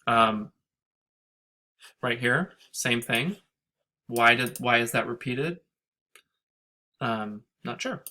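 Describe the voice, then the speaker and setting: A man with a bright, forceful voice gives a recorded lesson on scanning a poem. He thinks out loud, restarts his sentences, and reads lines of verse in a lilting sing-song rhythm. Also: mid-range voice, drawn-out words, pauses often. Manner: thinking aloud, hesitant restarts. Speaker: teacher. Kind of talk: recorded lecture on poetry scansion.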